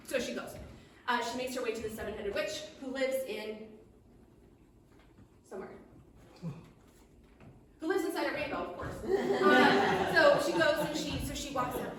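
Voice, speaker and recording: A woman's voice: sits high, moderate pace, long pauses, a bit bright, a little hiss or hum. A woman telling an improvised story on stage at a fringe festival, in a playful, chatty way. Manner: playful and chatty, laughing at her own twists. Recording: echoey hall, mic far off.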